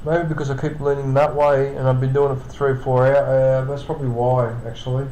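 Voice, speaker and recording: A man's voice: medium pitch, little pitch movement, a little fast, mellow, highs cut off, a little hiss or hum. A tired man hosting his own live stream from his apartment, chatting in a rambling, self-correcting way and yawning now and then. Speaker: streamer host. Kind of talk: casual live-stream chat. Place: home apartment. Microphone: computer setup with webcam. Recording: roomy echoey room.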